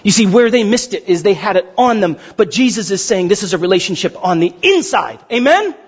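A man in his thirties preaching a sermon as pastor, excitable and fast-talking, often asking the crowd questions. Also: high-pitched, breathy edge, muffled recording.

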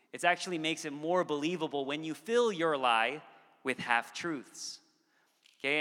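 Bright-voiced pastor preaching in a hall. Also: male voice, on the high side. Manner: conversational, with frequent "okay" asides. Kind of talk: sermon. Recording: long hall reverb.

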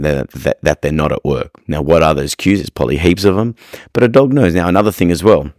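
A man's voice: a bass voice, darkish tone, dry recording, clean studio sound. A man hosting a podcast, giving frank, rambling advice on dog training and restarting his sentences often. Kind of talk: casual advice monologue.

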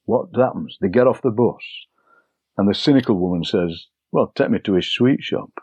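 Older male poet, anecdotal storyteller, husky low voice, dry and slightly muffled recording. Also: lively intonation, normal speed, dark tone, no echo. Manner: chatty, anecdotal, acts out overheard lines. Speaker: poet and broadcaster, interview guest. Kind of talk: relaxed storytelling conversation.

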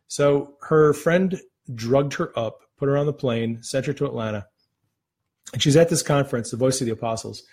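A man with a husky, slightly breathy voice hosts a faith talk show. He speaks in an earnest, conversational way and retells stories with little quoted voices, at an everyday pitch. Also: brisk, darkish tone. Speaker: ministry host. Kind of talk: casual faith talk and storytelling.

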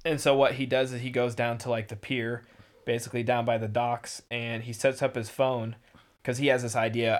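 A man's voice: medium pitch, little pitch movement. A man in casual chat recapping a TV episode, rambling with lots of fillers and acting out characters' lines. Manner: rambling, filler-heavy, acts out characters' lines in quick voices. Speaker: podcast co-host.

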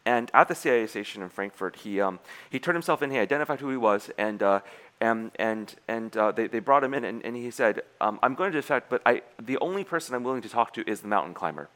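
A man with a mid-range voice preaches a sermon at a quick pace. He animatedly tells a spy story, acting out the characters' quoted lines and restarting often.

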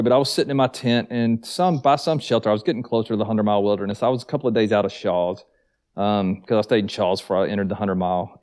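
A man's voice: medium pitch, darkish tone. A man from the Southern US with a Southern accent, a guest telling stories in easygoing casual chat, often saying man. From Southern US, north of Atlanta. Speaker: guest hiker.

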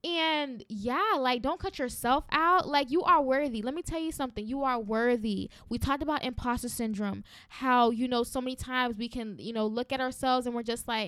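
A woman's voice: a little high, fairly quick, a bit bright, clear, resonant tone, no echo, studio quality. A woman hosting a faith-based podcast, encouraging listeners in a fervent, preachy way and often tagging lines with "right?". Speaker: podcast host.

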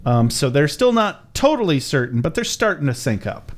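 Man co-host, somewhat high voice, dry humor, casual recap chat. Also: big pitch swings, normal speed, a little hiss or hum.

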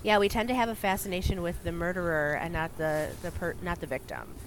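A woman's voice: on the low side, lively intonation, a little fast. Woman cohost just chatting, lots of ums, a bit of hiss behind. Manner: chatty, rambling with many fillers. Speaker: podcast co-host. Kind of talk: casual chat.

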